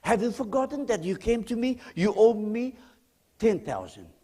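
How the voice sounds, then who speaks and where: A man preaching in church with a lively, animated voice pitched a little high. He swings from loud emphatic lines down to near-whispers and keeps asking the congregation questions. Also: moderate pace. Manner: speaks directly to the congregation with questions. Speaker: guest pastor. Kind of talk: sermon.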